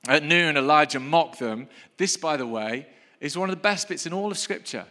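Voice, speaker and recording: A male preacher reading scripture and preaching in a lively, playful way that builds to rousing calls of praise, recorded in a church hall. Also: a little high, normal speed. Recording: long hall reverb.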